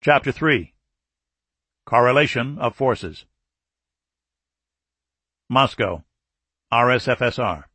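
A man narrating an audiobook thriller in a measured, scripted reading. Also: medium pitch, expressive, sharp tone, dry recording.

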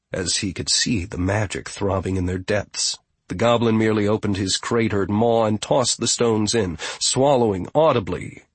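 A man narrating a storybook in a measured, wry manner. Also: fairly low pitch, slightly rough, dry recording. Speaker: audiobook narrator. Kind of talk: scripted narration.

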